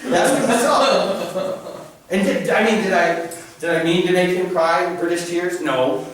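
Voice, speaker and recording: A man giving an informal faith talk to a class, animated and joking, often restarting his sentences. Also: sits high, unhurried. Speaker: catechism class presenter. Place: church meeting room. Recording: very echoey room, mic at a distance.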